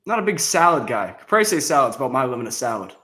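A man's voice: medium pitch, sing-song, quick pace, bright, forceful tone. A young man, co-hosting a casual podcast, hesitating with lots of ums and laughing along. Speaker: podcast co-host. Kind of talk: casual chat.

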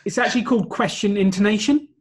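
In a conversational interview, a man talks about his job as a presentation coach, laying out his points with confidence and order. He speaks fast in a high voice that has a breathy edge.

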